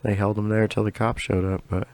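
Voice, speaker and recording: With a lowish, slightly mellow voice and a fairly quick, flat delivery, a podcast co-host rambles through a long story. He swears often and laughs along in casual storytelling, with no echo in the recording.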